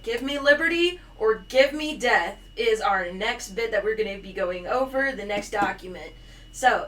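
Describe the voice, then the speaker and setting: Chatty high-voiced woman podcast co-host. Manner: laughs often, chatty and animated. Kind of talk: casual chat. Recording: distant mic with faint noise.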